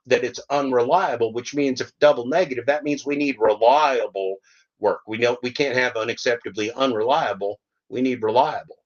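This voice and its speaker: Older male podcast host, mid-pitched, fiery and sarcastic, rambling asides, slow emphatic reading, muffled home recording. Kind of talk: reading aloud and ranting.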